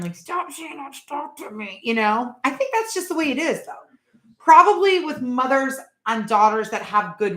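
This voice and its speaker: A woman's voice: medium pitch, fairly bright tone, reverberant. A middle-aged woman hosting a casual live stream, chatting and rambling and laughing at viewers' jokes.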